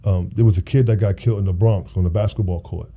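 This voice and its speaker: Male podcast guest, low-pitched, fast, and stammery, on dull lo-fi audio. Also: fairly even intonation. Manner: stammering restarts, laid-back. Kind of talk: casual chat.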